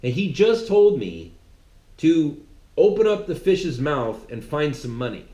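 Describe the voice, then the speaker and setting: A man's voice: fairly high pitch, big pitch swings, unhurried, mellow. A man delivering a sermon-like monologue in a mocking, conversational way. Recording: roomy echo.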